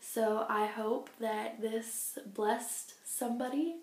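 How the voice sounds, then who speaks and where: A woman in her twenties recording a heartfelt, rambling video diary at home, full of fillers and pauses. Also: on the high side, steady tone. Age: 20s. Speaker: vlogger. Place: small bathroom at home. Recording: echoey bathroom.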